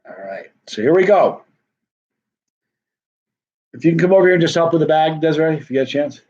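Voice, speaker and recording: A man's voice: a little high, lively intonation, fairly quick, darkish tone. A man hosting a casual livestream, rambling through a friendly sales patter. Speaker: livestream host selling signed hot sauce. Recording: dull, muffled lo-fi sound.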